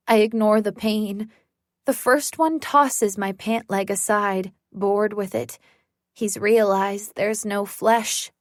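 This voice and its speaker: A woman reading a first-person thriller audiobook in a slow, tense, dramatic manner. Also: mid-range voice, no echo, clean studio sound. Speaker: audiobook narrator.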